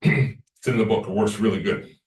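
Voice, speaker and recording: A man lectures a class in a low voice, rambling from story to story. He is picked up from across an echoey room. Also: fairly even intonation, moderate pace, a little mellow, recorded from a distance. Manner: rambling storyteller, acts out quoted talk.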